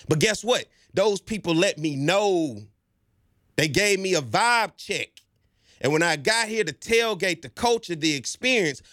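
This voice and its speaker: A man's voice: sits high, pushed and bright, no echo, clean studio sound. A man hosting a college sports fan show, talking in a casual, emphatic and persuasive way, often speaking straight to his listeners. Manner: slangy and conversational. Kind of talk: casual commentary monologue.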